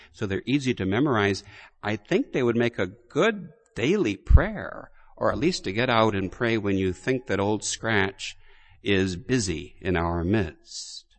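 A man, a Catholic priest, giving a sermon with deliberate preaching, swelling on strong words and dropping low and quiet at line ends. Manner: slow, deliberate preaching with emphatic rises and quiet drops.

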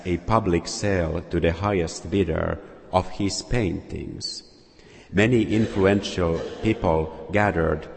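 A man preaching a sermon, telling a story slowly and deliberately to children. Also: deep voice, a little mellow, big-room sound. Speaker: Catholic preacher.

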